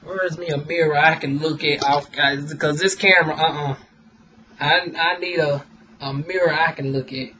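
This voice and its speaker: A man's voice: fairly high pitch, normal speed, muffled recording, slight background noise. A young man, chatting sassily to his viewers in a casual vlog and calling them "honey" and "y'all.". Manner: sassy, expressive, talks straight to viewers with "honey" and "y'all". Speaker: vlogger and aesthetician.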